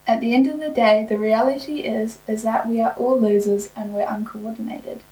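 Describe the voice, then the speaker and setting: A young woman co-hosting a casual podcast chat, giving blunt, cheeky opinions in a deadpan way. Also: fairly high pitch, moderate pace, low-quality recording. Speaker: podcast co-host.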